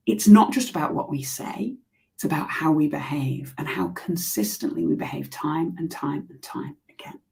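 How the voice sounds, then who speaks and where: A woman's voice: lowish voice, mellow. A woman leading a live online workshop, chatty and encouraging, with frequent fillers and restarts.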